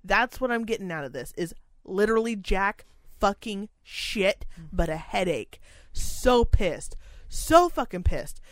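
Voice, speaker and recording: A young woman telling a story in casual chat, swearing a lot, exasperated and animated, acting out what people said. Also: medium pitch, unhurried, dry recording, clean studio sound. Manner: swears heavily, animated and exasperated, acts out quotes.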